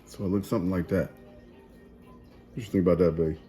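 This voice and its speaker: Relaxed, mellow-voiced man hosting a cooking show. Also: low-pitched, brisk, soft background music. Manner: folksy, chatty, addresses viewers as y'all. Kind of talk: casual cooking demonstration. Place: kitchen.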